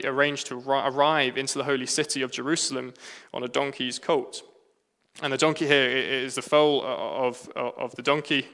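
A man with an English accent preaching a sermon, pausing often with "uh" between phrases. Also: medium pitch, vocal fry, sharp tone. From England. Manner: halting, frequent "uh" fillers. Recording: long hall reverb.

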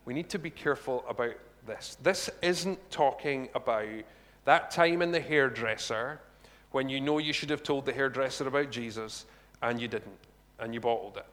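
A man's voice: medium pitch, moderate pace. Man preaching in a reverberant hall. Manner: conversational, animated preaching with asides to the congregation. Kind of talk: sermon. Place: church hall. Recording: long reverb of a large hall.

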